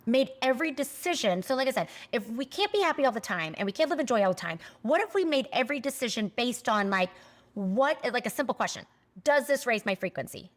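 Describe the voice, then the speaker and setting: A woman in her forties talking candidly to camera in a spiritual vlog, passionate and blunt, swearing casually and getting emotional at times. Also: sits high. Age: 40s. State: emotional, near tears at times. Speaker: spiritual vlogger.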